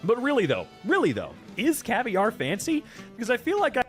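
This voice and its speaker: A man doing casual reaction commentary, animated and sarcastic, with plenty of swearing and asides. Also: very high voice, a little fast, soft background music. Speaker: reaction streamer.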